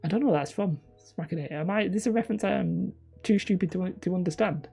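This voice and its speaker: A woman's voice: fairly low pitch, quick pace, gravelly, mellow, slightly rough, soft background music. A woman hosting a casual livestream, reading viewer comments in a rambling, self-deprecating way and laughing often. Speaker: livestream host.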